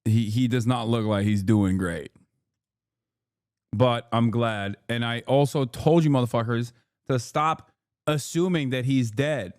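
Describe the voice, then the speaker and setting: A man's voice: medium pitch, steady tone, a little slow, darkish tone, dry recording, clean studio sound. A man in his thirties commenting on a livestream, profane and heated, mocking with sarcastic mimicry and bursts of laughter. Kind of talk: reacting to clips and articles on stream.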